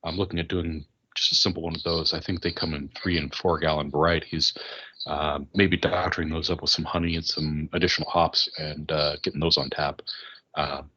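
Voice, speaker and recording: A man talking casually as a podcast guest about homebrewing, halting with many fillers and restarts. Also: extremely low pitch, little pitch movement, bright, forceful tone, husky, dull audio. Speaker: podcast guest, mead maker. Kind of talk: casual conversation.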